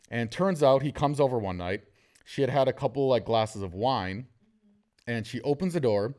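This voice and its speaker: A man's voice: medium pitch, animated, normal speed, darkish tone. A man hosting a casual podcast, telling jokey stories and acting out the people in them. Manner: storytelling, jokey, acts out quotes. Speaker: podcast host.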